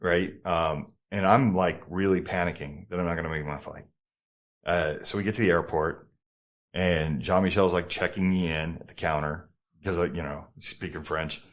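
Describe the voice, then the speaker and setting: Low-voiced middle-aged man telling a story. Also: normal speed. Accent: New Jersey. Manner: animated, profane, acts out other people's lines. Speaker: podcast guest, former model. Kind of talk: casual storytelling interview.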